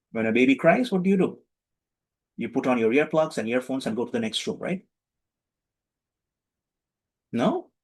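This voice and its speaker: A man giving a lively, humorous spiritual talk to a live and online audience, acting out little voices for his jokes. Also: a little high, poor audio. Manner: playful, animated, acts out little voices for jokes.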